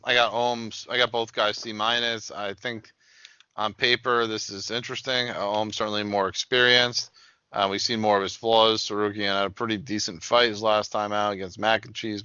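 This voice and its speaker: A man's voice: lowish voice, pushed and bright, clean tone, no room sound. A man hosting a podcast, speaking directly and moving the betting talk along. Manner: direct, moves the show along. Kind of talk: casual betting chat. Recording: dry, dull lo-fi audio.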